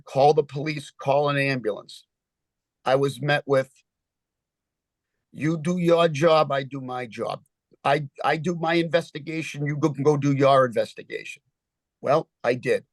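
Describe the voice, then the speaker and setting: A man's voice: a little high, gravelly, no echo. A man testifying as a witness at a hearing, urgent and emotional, close to tears and repeating himself.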